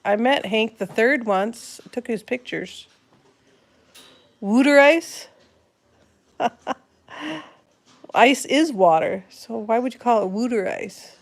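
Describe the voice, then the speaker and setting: A woman hosts a casual livestream, reading viewer comments aloud and playfully echoing words back as questions. Her voice is fairly high and she speaks slowly.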